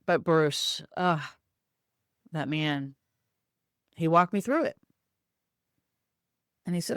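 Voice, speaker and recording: Female host, frank storyteller, casual and blunt, animated delivery. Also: low voice, takes it slowly, pauses often, smooth, no echo, studio quality. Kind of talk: personal storytelling talk.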